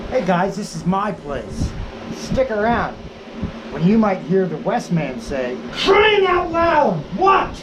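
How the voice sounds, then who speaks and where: A man's voice: high-pitched, big pitch swings, slow pace. Easygoing man in a noisy garage. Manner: joking, easygoing, swears casually. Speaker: garage channel host. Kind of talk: casual workshop vlog. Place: small home garage.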